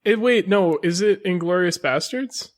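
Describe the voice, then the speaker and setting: A woman's voice: fairly low pitch, expressive, measured pace. A woman co-hosting a podcast, giggling and chiming in with short remarks. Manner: giggly, brief interjections. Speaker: podcast co-host. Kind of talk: casual chat.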